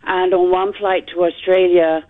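A woman's voice: lowish voice, little pitch movement, measured pace. An older woman, calling in to a radio show and telling a story. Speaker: caller. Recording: tinny phone line.

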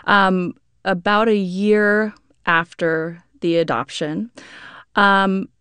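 A woman's voice: medium pitch, steady tone, takes it slowly, a bit bright, clean tone, no room sound. A woman who is an author, guest on a radio interview, explaining thoughtfully with some fillers.

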